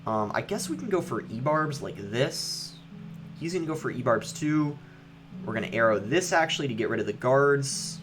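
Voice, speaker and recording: A young man talks through his gameplay in a relaxed, offhand way. His voice sits at an ordinary middle pitch, and he fills pauses with ums as he thinks aloud. Soft background music plays underneath. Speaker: gaming YouTuber. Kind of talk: live gameplay commentary.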